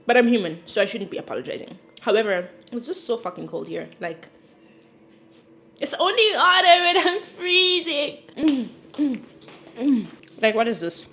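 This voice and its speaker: A young woman chats casually into a clip-on mic, frank and unfiltered, with the odd sniffle. Her voice sits a little high and jumps into sudden loud, emphatic bursts. A faint hiss runs under the recording. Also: very animated, normal speed. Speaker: vlogger. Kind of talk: casual chat while cooking and eating.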